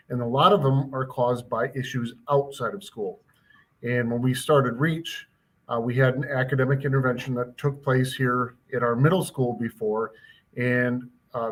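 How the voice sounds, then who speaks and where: Earnest male teacher from Minnesota. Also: mid-range voice. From Minnesota, USA. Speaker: teacher and guest. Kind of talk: casual interview. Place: school building.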